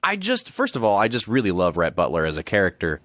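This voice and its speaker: Male co-host, low and animated, analytical, dry close mic. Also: fast talker, no echo. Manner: thoughtful, enthusiastic, analytical. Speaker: podcast co-host. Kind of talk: casual film discussion.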